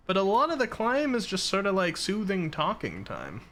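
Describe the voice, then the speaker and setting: Bright-voiced man streaming and chatting. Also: high-pitched, normal speed, slight background noise. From Boston area, Massachusetts. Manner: relaxed, chatty, reads out chat messages. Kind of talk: casual chat while playing a game.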